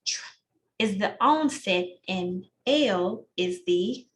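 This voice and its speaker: A woman's voice: mid-range voice, animated, slow, a little hiss or hum, rough recording. A woman leading an online test-prep class over a video call, calling on students by name and walking through answers. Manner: encouraging, calls on students by name. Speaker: instructor.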